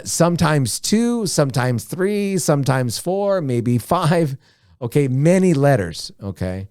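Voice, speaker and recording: A man teaching a beginner English lesson, speaking slowly and deliberately, repeating words and often saying "okay". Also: on the high side, a little mellow, smooth, no echo, clean studio sound. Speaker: ESL teacher.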